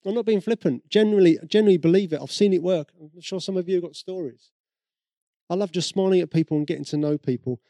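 A man's voice: high voice, quick pace, mellow, no echo. A man with a British accent giving a sermon, telling everyday stories in a conversational way and acting out the people he quotes. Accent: British English. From Britain. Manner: conversational storytelling, acts out quoted voices. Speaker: preacher.

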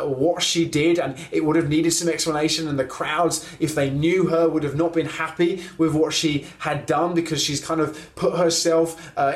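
Man, preacher, sermon, storytelling, fairly high voice, roomy echo. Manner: conversational storytelling, slowing for emphasis.

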